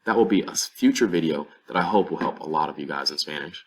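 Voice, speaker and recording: Very deep-voiced man teaching. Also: quick pace. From North Carolina, USA. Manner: patient, step-by-step explaining with example phrases. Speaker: Spanish teacher. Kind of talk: explanatory language lesson.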